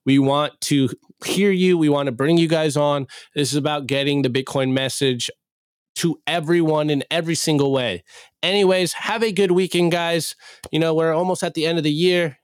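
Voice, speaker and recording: A man hosting a casual livestream podcast, loose and upbeat as he wraps the show. His voice is smooth and clear, recorded dry and close with no room around it. He talks at a middle pitch in an easygoing, chatty way. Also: no echo. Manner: upbeat, loose, hype sign-off. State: recovering from illness. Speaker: podcast host.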